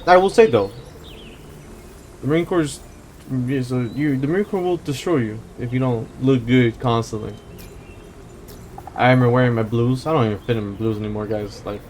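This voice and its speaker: A young man hosts a let's play, rambling through casual, jokey anecdotes and swearing now and then between game moves. His mid-range voice is a little mellow, with slight background noise.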